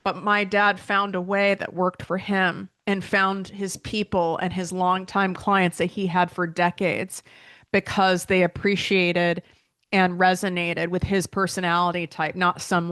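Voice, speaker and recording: A woman's voice: lowish voice, level tone, a little slow, fairly bright tone, smooth, no room sound, clean studio sound. A woman hosting her own podcast in a chatty, emotional way, full of fillers, near tears as she speaks. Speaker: podcast host and business coach. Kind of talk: casual solo podcast talk.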